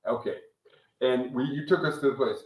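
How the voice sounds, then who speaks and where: A man's voice: mid-range voice, normal speed. A man in his seventies hosts a casual sports chat, telling stories loosely and repeating words as he goes. His voice sits mid-range and carries a noticeable room echo. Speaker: podcast host, former player. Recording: echoey room.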